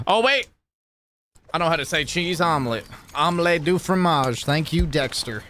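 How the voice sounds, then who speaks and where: A man's voice: on the high side, big pitch swings, moderate pace, sharp tone. A man from New Jersey chatting playfully while streaming a video game. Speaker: gaming streamer. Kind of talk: casual live-stream commentary.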